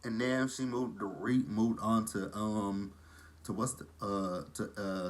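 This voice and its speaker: Recapping a reality show, a man from Texas chats and gossips in his southern drawl, slipping in shady remarks. He speaks in a lowish, steady voice, a little on the slow side.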